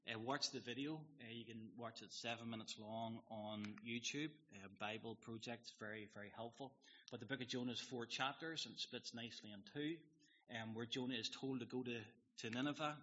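A Northern Irish man preaching a sermon in an easy, talky way, wandering into asides and tossing questions at the congregation. His voice is bright and forward, and the recording is a little dull and lo-fi. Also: mid-range voice. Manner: conversational, digressive, with asides and rhetorical questions.

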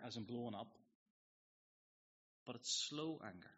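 A man's voice: mid-range voice, expressive, measured pace, bright, forceful tone, slightly rough, lo-fi sound. A man preaching a sermon as a pastor, earnest and confessional, often putting questions to the congregation.

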